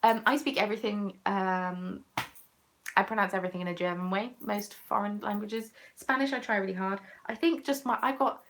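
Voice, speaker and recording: A woman's voice: mid-range voice, fairly even intonation, moderate pace, background noise. A young woman with an English accent, chatting casually and playfully as a crafting vlogger, often muttering asides under her breath. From England. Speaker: crafting vlogger hosting a chat. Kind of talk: casual chat.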